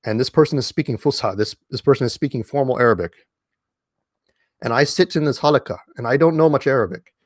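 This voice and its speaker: A man talks to his audience from home in a casual, lecture-like monologue. He leans hard on single words, repeats phrases for emphasis, and fills pauses with ums and restarts. His voice sits at a middling pitch, recorded close and dry with no room echo. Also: expressive. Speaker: online commentator. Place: indoors at home.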